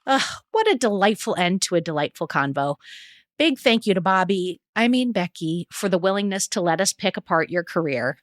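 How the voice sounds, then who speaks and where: A woman's voice: fairly low pitch, animated, moderate pace, dry recording, studio quality. A woman hosting a podcast, reading a scripted segment with chatty asides. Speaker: podcast host.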